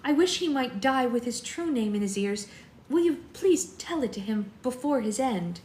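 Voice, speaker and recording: A woman's voice: fairly high pitch, lively intonation, moderate pace, slight background noise, voice pushed up, lightly acted. A woman voicing a wistful antlered maiden spirit. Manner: soft, earnest, hesitant. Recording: roomy room echo.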